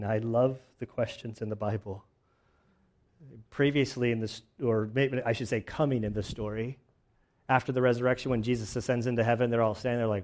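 A man's voice: lowish voice, steady tone, a little fast, darkish tone. A man preaching an expository sermon in a conversational way, reading scripture and retelling the story with dramatized voices. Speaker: pastor.

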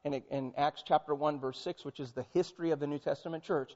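Man, pastor, lively conversational sermon, fairly high voice, dull lo-fi sound. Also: fast. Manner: animated, conversational, quizzes audience.

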